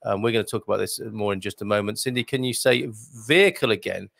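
A man's voice: fairly low pitch, fairly even intonation, fast, vocal fry, no echo. A man hosting a casual livestream, chatting playfully and reading out viewer comments. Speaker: host.

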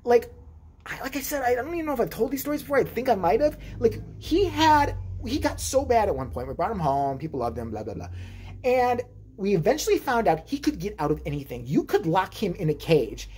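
A man vlogger telling a comedic personal story in an animated, profane, rambling way. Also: high-pitched, fairly quick, a little hiss or hum.

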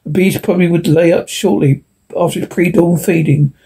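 Male audiobook narrator for a science fiction story; slightly high, husky voice, steady reading with occasional restarts. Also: brisk.

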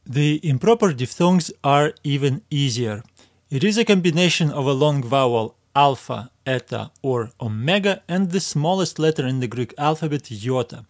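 Man teaching slowly in a dry room. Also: fairly high pitch, animated, dry recording. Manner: slow, careful repetition of each sound; frequent "uh" fillers. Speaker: Greek teacher. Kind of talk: recorded video lesson.

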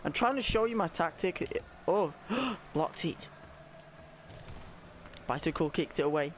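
A young man giving live, excitable commentary on his own gameplay, often shouting and squealing as his voice cracks high. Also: measured pace, a little hiss or hum. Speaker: gaming YouTuber.

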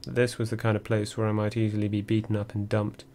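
Low flat-voiced male audiobook narrator. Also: fast, slight background noise. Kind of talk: first-person memoir reading.

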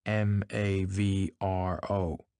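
Male reader as a flat, tired policeman, deep voice, dry sound. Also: very slow, clean tone, no room sound, full character voice. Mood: matter-of-fact. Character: weary male motorcycle policeman, matter-of-fact.

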